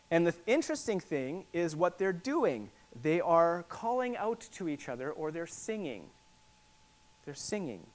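Preacher, male, slightly high voice, teaching sermon that builds to emphatic repeated lines. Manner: teaching, repeats words for emphasis, rising to forceful passages.

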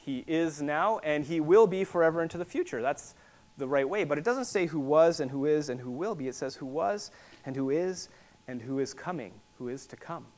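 A man preaching a sermon, explaining in a teaching way and repeating words for emphasis, sometimes rising to forceful declarations. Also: fairly high pitch.

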